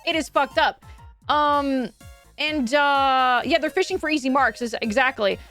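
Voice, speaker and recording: A woman with a high voice chats casually on stream, rambling through a story with plenty of fillers and the odd swear. Faint music plays quietly behind her. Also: measured pace. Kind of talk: casual chat.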